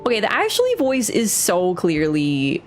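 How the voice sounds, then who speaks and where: A woman's voice: medium pitch, wildly swooping pitch, measured pace, soft background music. A young woman streaming a game, chatting casually, swearing and laughing often. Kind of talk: casual gaming stream chat.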